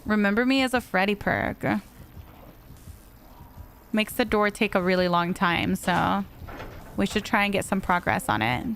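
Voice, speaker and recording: A woman's voice: medium pitch, steady tone, a little slow, creaky, pauses often, fairly bright tone, slight background noise. A woman streaming a game live, chatting casually and answering her viewers between plays. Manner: chatty, reads chat aloud and answers viewers. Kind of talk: live gameplay commentary.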